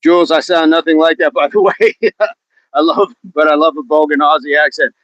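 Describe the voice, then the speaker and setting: A man's voice: on the high side, steady tone, fairly quick, a bit bright, dull audio. A man hosting a casual fitness livestream outdoors, upbeat, reading out viewer comments and joking around while he exercises. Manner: upbeat, reads viewer comments aloud and jokes about accents. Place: outdoors in wind.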